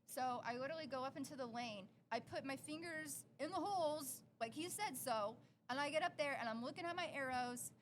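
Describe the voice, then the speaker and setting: Animated storytelling woman. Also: high-pitched, fairly quick, hardly any pauses, a little hiss or hum. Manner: animated, acts out quotes. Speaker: podcast co-host. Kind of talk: casual storytelling chat.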